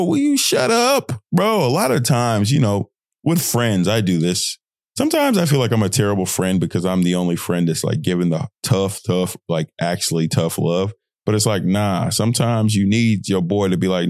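A man's voice: medium pitch, huge pitch swings, moderate pace, darkish tone, no echo, studio quality. A young man hosting his podcast, talking casually and bluntly, full of slang and tough-love advice. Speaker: podcast host. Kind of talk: casual motivational monologue.

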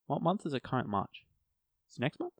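A man's voice: medium pitch, wildly swooping pitch, moderate pace, no echo. Young male co-host; playful, jokey, clueless sidekick energy, dry mic. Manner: goofy, joking, playfully clueless. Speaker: podcast co-host. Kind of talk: casual podcast chat.

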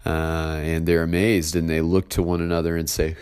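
A man with a very low voice delivers a sermon, first reading scripture aloud and then unpacking it. His explanations sound unhurried and conversational, with plenty of pauses and filler words. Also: flat delivery, a little mellow, clear, resonant tone. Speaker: pastor.

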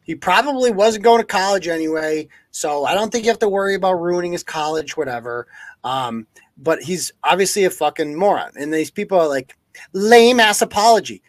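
A man's voice: a little high, lively intonation, a little fast, dry recording. A man hosting a live news-commentary podcast, ranting with heavy profanity and sarcasm. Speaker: podcast host.

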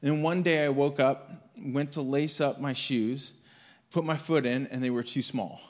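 A man's voice: mid-range voice, steady tone, normal speed. A young adult man as a guest speaker, giving a conversational sermon built on a personal story and acting out quotes in a church hall.

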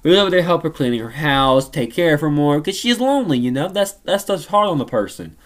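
Lively, swearing woman telling a story. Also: low-pitched, quick pace. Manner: animated, profane, laughs often. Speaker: podcast co-host. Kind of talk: casual chat, storytelling.

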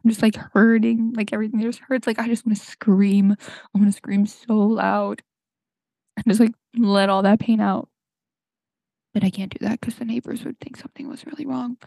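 A young woman recording a tearful, halting personal monologue on her podcast mic, crying and sniffling as she searches for words. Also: fairly high pitch, steady tone, gravelly, mellow, no room sound. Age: young adult. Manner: halting, full of fillers and restarts. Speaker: podcast host. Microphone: home podcast mic.

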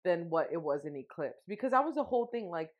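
A woman's voice: fairly low pitch, big pitch swings, fast talker. A young woman co-hosting a podcast, chatting casually and rambling with lots of fillers, getting emotional. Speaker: podcast co-host. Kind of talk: casual chat. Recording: dull lo-fi sound.

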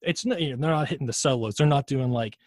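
A male podcast co-host chatting casually at a middle pitch, wandering off on tangents with plenty of swearing. His voice is close and dry, with no room sound behind it. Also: quick pace, a little mellow, no room sound. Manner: rambling, profane, admits his own tangents. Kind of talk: casual chat.

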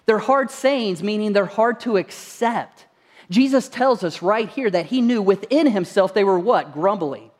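A man's voice: sits high, animated, normal speed, darkish tone, big-room sound. A male pastor preaching a sermon to his congregation in a church, telling stories earnestly and asking rhetorical questions. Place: church sanctuary.

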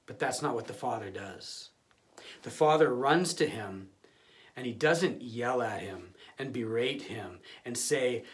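A man's voice: mid-range voice, expressive, a little slow, slight background noise. A male pastor giving a conversational sermon, often restarting and repeating words.

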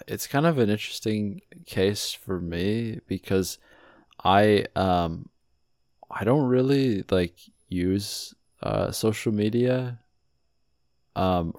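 A young man talks slowly and easily in a very deep voice, hesitating and hedging as he searches for words. The sound is dry and close, with no room behind it. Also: expressive, darkish tone, no echo. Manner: slow, laid-back, hesitant. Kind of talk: casual chat.

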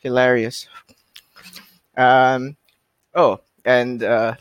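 A man hosting a podcast in casual chat, talking in a halting way with many fillers and restarts. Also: medium pitch, a bit bright, dry recording. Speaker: podcast host.

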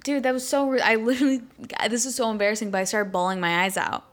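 A young woman co-hosting a casual podcast, emotional and quick to swear and laugh. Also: on the high side, steady tone, fairly bright tone. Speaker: podcast co-host.

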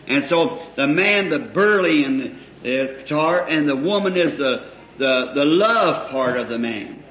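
In an echoey old church hall recording with faint hiss, a preacher with a fairly high, fairly bright voice speaks expressively and without hurry. His sermon is folksy storytelling, with stretched phrases for emphasis and chuckles in between.

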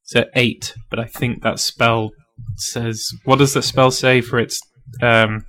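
A man's voice: mid-range voice, little pitch movement, a little slow, a bit bright. A man running a tabletop game as game master, loose and chatty with lots of fillers.

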